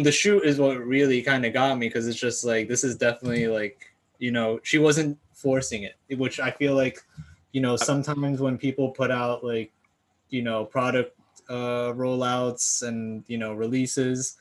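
A man's voice: mid-range voice, steady tone, moderate pace. A man co-hosting a casual sneaker podcast, talking in a laid-back, slangy way with plenty of swearing. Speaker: podcast co-host.

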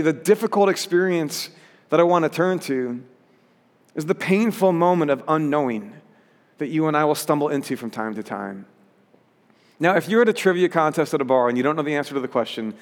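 A man's voice: fairly high pitch, big-room sound. A pastor preaching a sermon in an earnest way, rising to emphatic peaks as he reads scripture.

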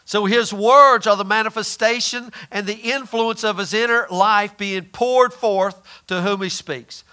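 A man preaching a sermon who asks the listeners questions and answers them himself, drawling some phrases slowly for emphasis. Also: high-pitched, bright, forceful tone, clear, resonant tone.

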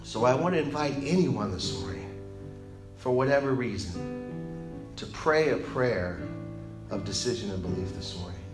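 A male pastor delivers a sermon in a mid-pitched voice. He swings between loud, emphatic peaks and a hushed, slow invitation, often asking his listeners direct questions. The sound is roomy and echoing, with faint instrumental music behind him. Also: animated. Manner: asks the congregation directly. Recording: roomy, echoey hall sound.

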